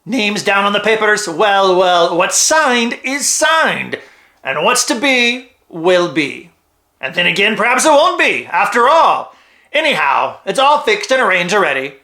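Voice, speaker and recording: A gloomy old seafarer drawls an ominous warning in a put-on pirate accent, as a man acts him out. The voice sits fairly high and sounds bright and forceful, the words drifting slowly as the accent wanders. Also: very animated, reverberant, heavily acted. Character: gloomy old male sailor muttering a grim warning.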